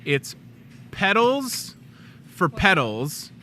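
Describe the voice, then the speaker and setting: A man's voice: high voice, sing-song, very slow, sharp tone, a little hiss or hum. A middle-aged man with a Midwestern accent hosting a casual, jokey talk show from a grocery store aisle, upbeat and chatty. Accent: Midwestern American. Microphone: clip-on lapel mic.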